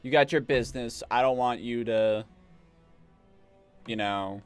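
A man streaming a video game, chatting casually and jokingly, even talking back to the characters. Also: mid-range voice, unhurried, clean tone. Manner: playful, jokey, talks to characters. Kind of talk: casual gameplay commentary. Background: game music.

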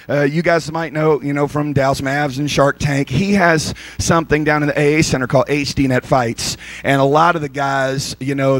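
A male pastor preaching an energetic, joking sermon at a church service. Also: a little high, vocal fry.

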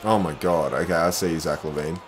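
Excitable young man streaming a basketball game. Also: deep voice, brisk. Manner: excitable, groaning, self-deprecating, bursts into shouts. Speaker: gaming streamer. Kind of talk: live gameplay commentary.

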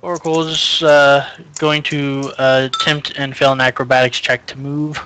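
A man's voice: medium pitch, little pitch movement, measured pace, background noise. A man playing a tabletop game, joking and laughing often in casual table chat. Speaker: player.

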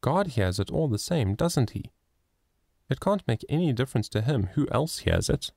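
A man voicing a poor, timid little flower girl who speaks softly and sorrowfully in an audiobook. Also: mid-range voice, sing-song, moderate pace, gravelly, slightly rough, no echo, studio quality, pitched above the performer's own voice, full character voice.

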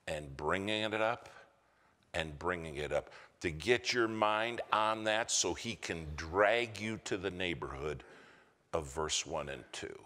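American male preacher, lively storytelling delivery, slow unhurried pace, ringing church reverb. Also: deep voice. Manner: animated storyteller acting out quoted voices. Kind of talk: storytelling sermon. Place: church sanctuary.

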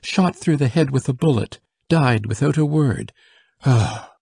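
A man reading the part of a frantic young soldier bringing bad news in a husky voice. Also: mid-range voice, animated, unhurried, a little mellow, no room sound, clean studio sound, pitched above the performer's own voice, heavily acted. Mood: urgent. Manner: urgent, breathless.

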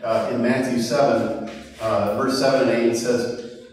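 A man preaching a sermon in a conversational, halting way, repeating words and asking the crowd questions. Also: mid-range voice, fairly even intonation, darkish tone. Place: church hall. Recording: roomy hall from far off.

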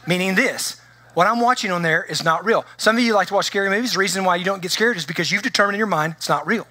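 A man pastor preaching a conversational, animated sermon in a church, with frequent restarts. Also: sits high, quick pace, no room sound. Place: church sanctuary.

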